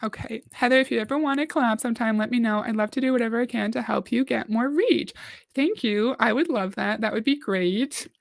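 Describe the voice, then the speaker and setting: A woman hosts a casual livestream, reading out viewer comments and reacting to them. Her voice sits a little high. The sound is dry and close. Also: a little fast, gravelly, dry recording. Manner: chatty, reads out comments and reacts. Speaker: livestream host reacting to a video.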